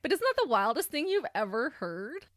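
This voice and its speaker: A woman's voice: on the high side, a little fast, no echo. Dry-voiced woman podcast host. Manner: tells the case in detail, animated when reacting. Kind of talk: true crime podcast chat.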